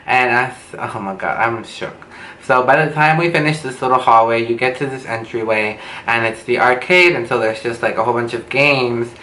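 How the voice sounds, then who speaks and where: A young beauty vlogger with a sharp-toned mid-range voice speaks at normal speed, recounting a gossipy, dramatic story peppered with profanity. The casual clip comes from a camera mic at home and sounds roomy, with some faint background noise.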